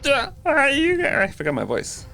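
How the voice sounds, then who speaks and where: A woman's voice: fairly high pitch, sing-song, quick pace, vocal fry, over music. A woman playing a tabletop game in a casual, easygoing way. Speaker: player.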